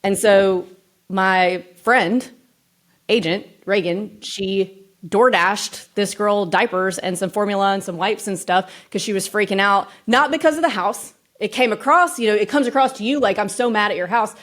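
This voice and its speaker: A woman's voice: medium pitch, moderate pace, a bit bright. A woman speaking as an interview guest, telling stories in a chatty way with plenty of filler words. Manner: chatty storytelling with frequent "like" fillers. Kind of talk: casual chat.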